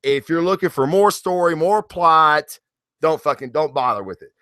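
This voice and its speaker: A married man reviewing comic books in a casual, profane monologue, acting out characters in quick asides. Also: fairly high pitch, clean tone, no echo, clean studio sound. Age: adult, married. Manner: animated, swears freely, acts out characters in quick asides.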